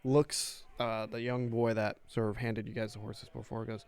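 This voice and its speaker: A man narrating a tabletop game as game master, pausing often with fillers. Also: fairly low pitch, little pitch movement, darkish tone, smooth, no room sound. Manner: hesitant, many fillers.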